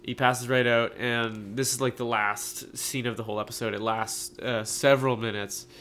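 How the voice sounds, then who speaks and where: Congested male co-host, relaxed and laughing, light noise underneath. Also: mid-range voice, normal speed. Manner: relaxed, laughing, says bro. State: stuffed-up nose. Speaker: podcast co-host. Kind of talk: casual chat.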